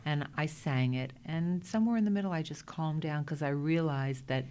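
Low-voiced Brooklyn woman telling stories. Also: normal speed, clean tone. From Brooklyn, New York. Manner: lively anecdotal storyteller, frequent restarts. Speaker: guest, Broadway performer. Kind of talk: storytelling interview chat.

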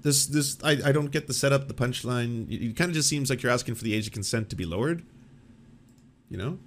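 A man's voice: mid-range voice, brisk, a little hiss or hum. A man hosting a political commentary show, talking in a sarcastic, mocking way and swearing freely.

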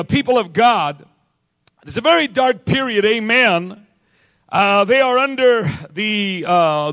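A man preaching a sermon in a very high voice, driving his points home with shouts and repeated amens. The sound is dry and close, with no room echo. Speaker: pastor.

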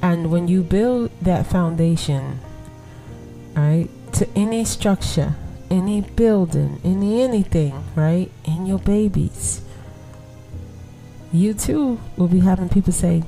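A woman in her forties with a low, warm-toned Brooklyn voice hosts a casual podcast for women. She talks conversationally, laughs often and keeps asking her listeners "right?", while faint music plays behind her. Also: a little slow. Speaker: podcast host.

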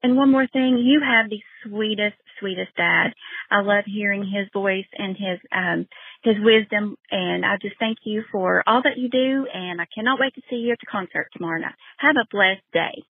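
Brief: Southern woman caller, gushing and excited, tinny phone-line sound, dry. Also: medium pitch, normal speed, breathy edge, dry recording. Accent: Southern American. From Tennessee. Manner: excited, gushing, warm-hearted. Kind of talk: voicemail message.

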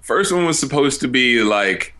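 A man's voice: mid-range voice, lively intonation, moderate pace, sharp tone. A man in a casual podcast chat, laughing often and talking with lots of fillers.

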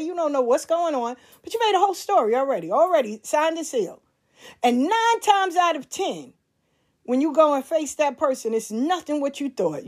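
A woman with a fairly high voice tells personal stories in a casual way. She is blunt and profane and talks in street slang. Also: darkish tone. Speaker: speaker giving life advice. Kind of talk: casual storytelling talk.

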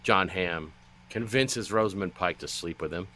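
A man co-hosting a casual movie podcast, riffing through absurd rambling bits with a deadpan delivery. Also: low voice, normal speed. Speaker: podcast co-host. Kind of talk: casual chat.

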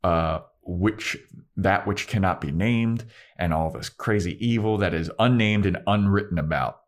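A young man co-hosting a podcast, casually retelling TV scenes with lively, swearing play-by-play. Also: sits low, a little slow. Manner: animated retelling with quoted character voices, swears freely. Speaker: podcast co-host. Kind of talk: casual recap chat.

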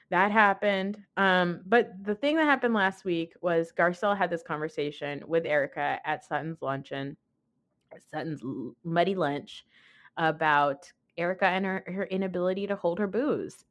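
A young adult woman hosting a podcast, giving a blunt, opinionated recap in casual commentary and swearing freely. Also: fairly low pitch. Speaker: podcast host.

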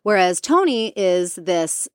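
A woman co-hosting a podcast, chatting casually as she retells a movie story, animated and quick to slip into playful impressions. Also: lowish voice, smooth, no echo, studio quality. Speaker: podcast co-host.

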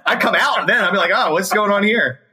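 A man's voice: sits high, fairly quick, sharp tone, a little hiss or hum. A man co-hosting a podcast, reacting to clips with profane jokes, laughing often and slipping into mock voices. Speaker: podcast co-host. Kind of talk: casual comedic commentary.

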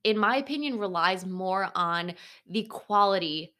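Bright-voiced, blunt, swearing young woman. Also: medium pitch, unhurried. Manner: blunt and profane, swearing freely; animated, slips into mocking voices of others. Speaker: podcast host. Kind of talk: motivational podcast monologue.

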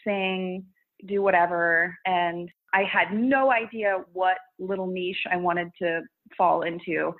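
A woman content creator chatting casually in an interview, rambling with restarts and laughing often. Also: fairly low pitch. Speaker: social media creator. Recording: tinny phone-like line.

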